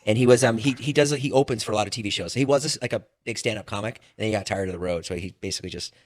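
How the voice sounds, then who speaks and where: A man's voice: fairly low pitch, rapid-fire. A man co-hosting a podcast, telling stories in casual chat with frequent laughs and stumbling repeats. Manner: animated storyteller, laughs often, repeats words. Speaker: podcast co-host.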